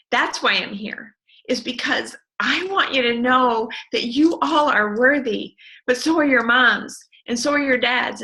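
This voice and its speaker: A middle-aged woman speaking as an interview guest, telling her business story with passionate, animated enthusiasm. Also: on the high side, poor audio. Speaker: network marketing distributor, guest. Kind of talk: enthusiastic motivational interview talk.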